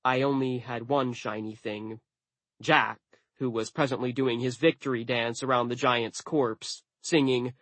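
A man narrating an audiobook in a studio, with wry, deadpan asides. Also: medium pitch, a little slow, no echo.

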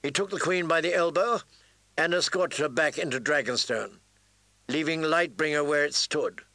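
A man reading fantasy fiction aloud in measured, deliberate scripted narration. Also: on the high side, pushed and bright, no room sound, rough recording. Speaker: audiobook narrator.

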